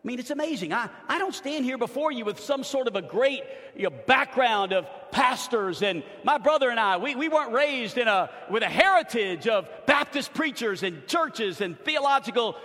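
A pastor from New Orleans preaching a sermon in a church, emphatic, swinging from loud to hushed. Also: male voice, very high voice, lively intonation, moderate pace, hardly any pauses. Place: church sanctuary. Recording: long hall reverb.

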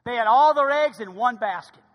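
A man's voice: very high voice, lively intonation, moderate pace, dull audio. A man preaching a sermon, telling a humorous story with emphatic delivery. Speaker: pastor. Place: church sanctuary. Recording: long reverb of a large hall.

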